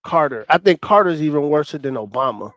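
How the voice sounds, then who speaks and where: Man, heated panel debater, profane, high voice, dry mic. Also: lively intonation, a little fast, a bit bright, dry recording, dull audio. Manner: fired-up, profane, talks over others. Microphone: remote call.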